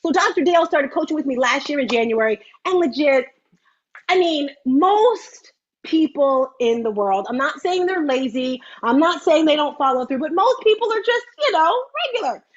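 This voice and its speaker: A woman hosting a motivational livestream, talking in a chatty, animated way with teasing asides. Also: high voice, normal speed, lo-fi sound. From United States. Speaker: host. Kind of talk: lively motivational livestream talk.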